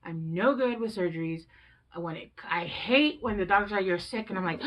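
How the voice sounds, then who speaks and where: A woman's voice: mid-range voice, normal speed, fairly bright tone, rough recording. A woman in her thirties reading tarot in a loose, chatty way. She swears without a second thought and keeps coming back to a reassuring, coaching tone aimed at her listeners. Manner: candid, conversational, swears freely. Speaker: tarot reader.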